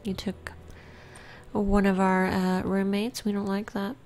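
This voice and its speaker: A woman casually commenting on her own gameplay, often dropping to a soft whisper. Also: medium pitch, little pitch movement, measured pace. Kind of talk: casual let's-play commentary.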